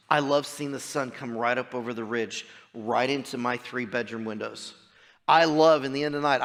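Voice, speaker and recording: A man, preaching a sermon as pastor, moving between loud emphatic preaching and quiet personal storytelling. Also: on the high side. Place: church sanctuary. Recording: long church reverb.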